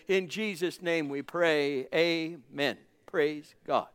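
A man preaching a sermon as pastor, swelling loud on key words and dropping soft, drawing out scripture verses slowly. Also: on the high side, clean tone.

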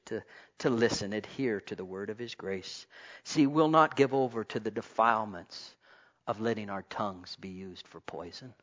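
A man preaching a sermon to his congregation, swinging between loud exclamations and soft asides. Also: fairly high pitch, vocal fry, breathy edge. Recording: dull lo-fi recording.

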